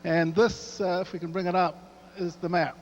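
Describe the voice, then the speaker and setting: A man's voice: high voice, level tone, normal speed. Dry-humored New man. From New Zealand. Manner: dry, joking storyteller. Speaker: after-dinner speaker. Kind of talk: humorous after-dinner speech. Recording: echoey hall, dull sound, faint hum.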